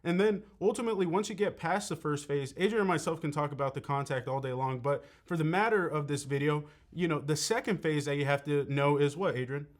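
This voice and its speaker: A man's voice: a little high, fairly quick, hardly any pauses. A young man giving a sales training lesson in a conversational way, often checking in with "right?". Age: young adult. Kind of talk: coaching talk.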